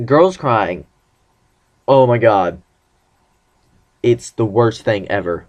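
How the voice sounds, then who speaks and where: A man's voice: medium pitch, normal speed. A young man casually telling rambling, self-mocking stories about his dating life in a vlog. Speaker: vlogger.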